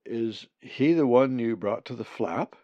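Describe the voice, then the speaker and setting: A man doing a deep, pompous old raven. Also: unhurried, mellow, no echo, highs cut off, close to an everyday voice. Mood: formal, stern. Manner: old-fashioned, pompous, booming when angry. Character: big deep-voiced male raven, formal and stern.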